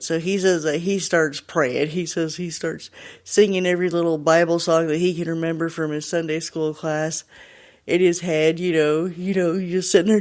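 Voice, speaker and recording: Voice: mid-range voice, fairly even intonation, moderate pace. A podcast host retelling a story in a casual, chatty way, laughing often and restarting phrases.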